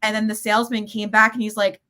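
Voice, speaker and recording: A woman chatting casually as a guest, telling a personal story and acting out the quotes with growing excitement. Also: mid-range voice, fast. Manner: animated, acts out quotes with rising excitement.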